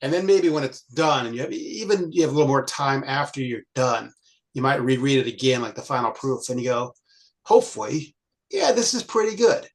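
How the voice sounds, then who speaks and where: A man's voice: medium pitch, steady tone, fairly quick, low-quality recording. A man hosting a podcast, talking casually and thinking aloud about his own writing as an author. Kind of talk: casual chat.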